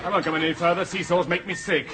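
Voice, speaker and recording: An actor playing a brisk English RAF squadron leader with a crisp, formal, clipped way of talking. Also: male voice, high-pitched, fairly even intonation, loud music behind the voice, natural voice. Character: brisk English male RAF officer instructor. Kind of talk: 1980s TV sitcom acting. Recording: noisy old TV soundtrack.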